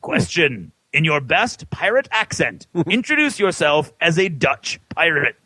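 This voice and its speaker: A man's voice: sing-song, measured pace, pushed and bright, husky, no room sound, rough recording. A man hosting a tabletop gaming podcast, reading out trivia and playfully scolding the contestants. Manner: theatrical, booming mock-scolding announcements. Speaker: podcast host running a trivia quiz. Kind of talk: quiz host with dramatic read-out trivia.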